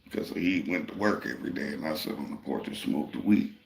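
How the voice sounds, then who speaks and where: A deep, gravelly man tells a long story in a loose, profane, streetwise way. His voice rings a little in an echoey room. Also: a little fast. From Detroit, Michigan. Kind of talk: casual storytelling.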